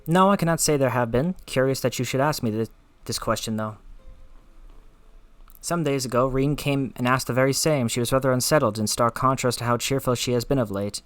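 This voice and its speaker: A man's voice: medium pitch, brisk, no echo, soft background music, close to an everyday voice. A man putting on a devoted Scottish woman captain. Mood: earnest. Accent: attempted Scottish. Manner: formal, old-fashioned phrasing read aloud. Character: earnest woman guard captain, formal and devoted. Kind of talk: reading game dialogue aloud.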